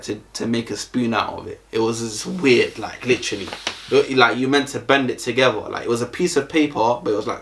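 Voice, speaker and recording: A young man with a London accent, telling a casual storytime vlog in a slangy, rambling way full of fillers. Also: mid-range voice. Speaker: vlogger.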